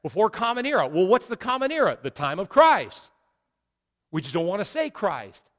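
A man's voice: sits high, very animated, normal speed, fairly bright tone. A middle-aged man preaching a sermon as pastor, emphatic and repetitive. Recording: long reverb of a large hall.

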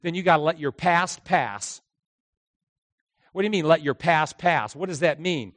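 Animated high-voiced preacher telling stories. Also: male voice, moderate pace, dry recording. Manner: animated storytelling, acts out dialogue, shouts at peaks. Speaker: pastor. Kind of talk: sermon.

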